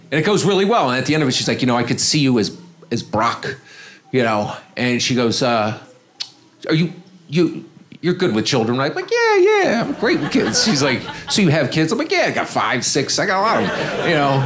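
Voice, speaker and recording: Male comic on a club stage, talky and loose, drops his voice low for other people's lines. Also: a bit bright. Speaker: stand-up comedian. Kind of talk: stand-up storytelling. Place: comedy club stage with audience.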